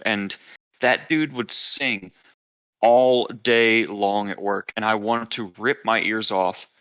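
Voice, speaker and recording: A man with a low, bright voice chats bluntly on a podcast, swearing freely and laughing a lot. The sound is dry and close. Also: fairly even intonation, takes it slowly, dry recording, dull audio. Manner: blunt, profane, laughs often. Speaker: podcast co-host. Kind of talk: casual chat.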